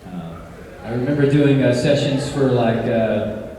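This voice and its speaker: A man who works as a voice actor, answering fan questions at a convention panel with animated, self-deprecating stories and frequent laughter. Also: mid-range voice, a little slow. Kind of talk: casual Q&A storytelling. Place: large convention hall with an audience. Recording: echoey hall, far from mic, crowd noise.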